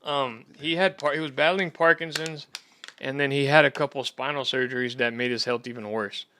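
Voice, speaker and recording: A man's voice: medium pitch, steady tone, fairly quick, bright, forceful tone, a little hiss or hum. A young Texan man hosting a sports podcast, chatting loosely with a rambling, profane manner. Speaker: podcast host. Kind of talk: casual chat.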